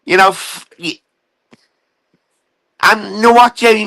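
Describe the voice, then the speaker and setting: A man with a fairly high, bright voice rants unscripted on a live stream, calling out and mocking someone who is not there. His comes through as he swears, repeats himself and takes his time. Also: fairly even intonation, measured pace, long pauses, low-quality recording. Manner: taunting, profane and rambling. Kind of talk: ranting casual live stream.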